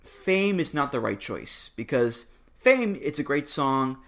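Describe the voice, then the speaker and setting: Male podcast co-host, mid-pitched, wry and joking, casual delivery. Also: sing-song, takes it slowly, a bit bright. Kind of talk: casual chat.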